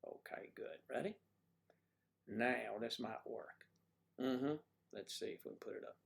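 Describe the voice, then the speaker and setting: A man's voice: mid-range voice, unhurried, creaky. Folksy man chatting on a livestream. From Mid-Atlantic United States. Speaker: livestream host. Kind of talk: casual livestream chat.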